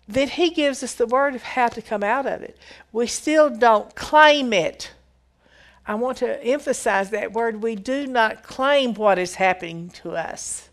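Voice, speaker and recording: A woman giving a conversational Bible teaching, reading verses aloud and explaining them with emphatic repetition. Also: fairly high pitch.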